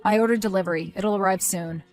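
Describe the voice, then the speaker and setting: A woman voicing a worried, earnest young man who is about to become a father, speaking softly. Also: mid-range voice, fairly even intonation, fast, soft background music, lightly acted.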